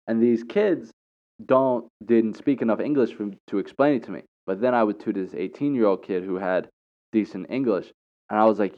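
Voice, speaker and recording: A man in his twenties telling rambling stories in a casual, animated monologue. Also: fairly low pitch, quick pace. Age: 20s. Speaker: storyteller. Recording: dull lo-fi recording.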